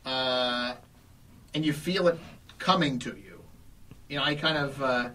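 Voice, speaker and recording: A male comedian talking as an interview guest, halting and full of restarts and fillers, laughing often. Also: mid-range voice, pushed and bright, distant mic, a little hiss or hum. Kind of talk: casual interview chat.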